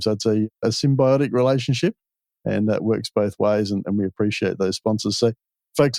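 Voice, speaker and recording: A man's voice: medium pitch, a little mellow, no echo, studio quality. An Australian man hosting a fishing podcast, explaining things patiently in a folksy, conversational way. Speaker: podcast host.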